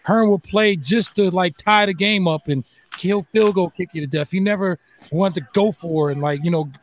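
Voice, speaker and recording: A man from the New York area, talking sports in an emphatic, animated, casual way with some swearing. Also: sits high, moderate pace, a little hiss or hum. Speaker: podcast panel host.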